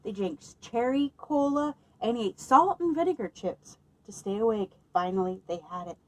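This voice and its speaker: With a voice on the high side, a woman librarian reads a picture book expressively to children, pausing to ask them questions. The recording is rough.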